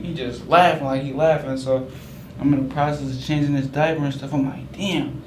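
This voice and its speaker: A young man spins a casual, slangy story about his own morning, leaning on "like" and jumping up when he quotes himself. His fairly high voice sits back from the mic in an echoey room with clear background noise. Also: moderate pace, recorded from a distance. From San Francisco Bay Area. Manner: casual slangy retelling, many fillers of "like", animated when quoting himself. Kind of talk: personal spoken storytelling.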